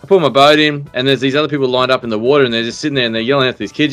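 A man's voice: medium pitch, fairly even intonation, rapid-fire, a bit bright, soft background music. An Australian man hosting a casual podcast chat, telling stories with many restarts and fillers. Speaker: podcast host.

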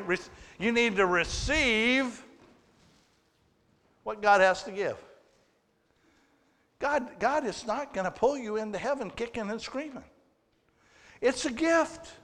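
A man with a high voice preaches at an unhurried pace. He teaches plainly, puts questions to the congregation and jokes with them. His voice carries a long reverb from a large church hall. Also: expressive, a bit bright. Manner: teaching with humor and audience questions. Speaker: pastor. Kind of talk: sermon.

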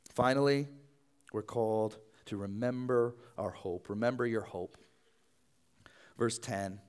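A man preaching a sermon as pastor, earnest and conversational, often dropping to a soft low voice.

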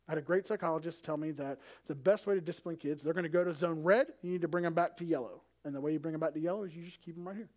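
A man in his thirties preaching a sermon as a pastor, telling family stories and acting out the dialogue in an animated way. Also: fairly high pitch, quick pace.

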